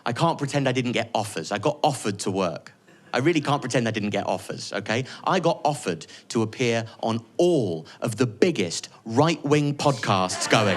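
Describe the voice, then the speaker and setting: A man doing live stand-up on a stage mic, sardonic, swinging from loud mock-boastful ranting to quiet, reflective confession. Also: mid-range voice, lively intonation, normal speed. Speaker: stand-up comedian. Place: comedy venue stage with live audience.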